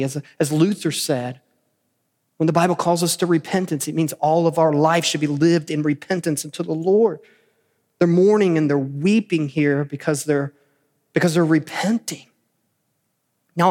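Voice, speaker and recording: A man preaching a sermon as pastor, earnest, repeating key phrases and rising to animated emphasis. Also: a little high, long reverb tail. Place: church sanctuary.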